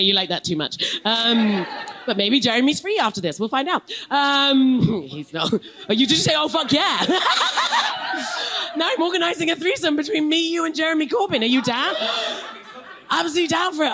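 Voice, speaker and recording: A woman with a posh English accent does stand-up into a handheld mic on a comedy club stage. Her voice sits high and leaps around, full of playful banter with the crowd. Giggles break into her lines. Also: sing-song, normal speed, background noise. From England, London then West Country. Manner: chatty, playful, bantering with the crowd, laughing mid-line. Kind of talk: live stand-up set.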